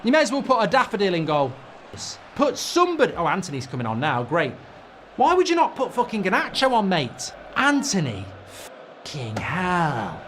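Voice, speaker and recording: A man's voice: high voice, wildly swooping pitch, moderate pace, a bit bright, slight background noise. Ranting man reacting to a match. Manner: ranting, swearing, exasperated. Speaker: football fan channel host. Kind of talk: live match reaction commentary.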